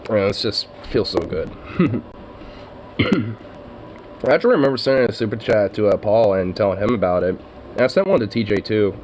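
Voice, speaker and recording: A man's voice: lowish voice, animated, moderate pace, long pauses, a little mellow, slight background noise. A man chatting casually on his own vlog, rambling and swearing, with laughs and lots of fillers. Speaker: vlogger.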